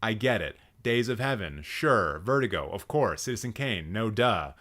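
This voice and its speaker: A man's voice: lowish voice, lively intonation, normal speed, fairly bright tone. A man hosting a live stream, giving blunt, sarcastic commentary and swearing freely. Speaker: host.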